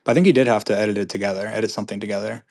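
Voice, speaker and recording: This man's lowish voice is a little mellow, with vocal fry and an even tone. In his live audio chat room he mutters through listener questions fast and responds offhandedly, rambling, starting over, and letting his thoughts trail away.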